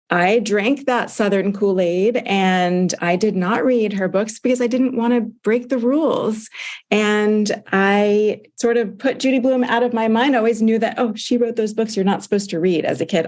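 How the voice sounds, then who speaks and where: A woman in her late forties from Florida, a film director telling candid, wry stories in an interview. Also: mid-range voice. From Jacksonville, Florida, USA. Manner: candid, wry, animated storytelling. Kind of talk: casual interview conversation.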